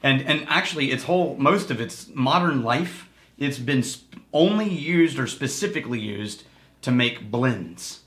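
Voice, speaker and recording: A man's voice: medium pitch, lively intonation, measured pace, fairly bright tone, roomy sound. A man co-hosting a whiskey tasting show, chatting casually and explaining with enthusiasm. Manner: explanatory, enthusiastic, laughs easily.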